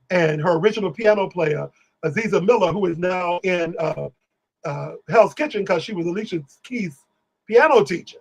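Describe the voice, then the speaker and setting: A man telling animated stories on a live stream, acting out the people he quotes. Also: sits high, a little fast, vocal fry, breathy edge, low-quality recording. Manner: lively, talks over himself, acts out quotes.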